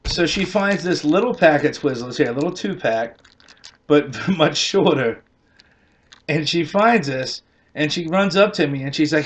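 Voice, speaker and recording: A man's voice: on the high side, animated, normal speed. A man with a Boston accent telling a rambling, profane comic story and laughing at his own punchlines. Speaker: comedian. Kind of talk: storytelling comedy rant.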